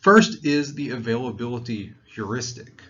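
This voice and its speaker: A Tennessee man with a mild Southern accent gives a recorded psychology lecture in a conversational style, using fillers and restarts. His voice is medium-pitched and fairly bright at a normal speed, though the recording is muffled.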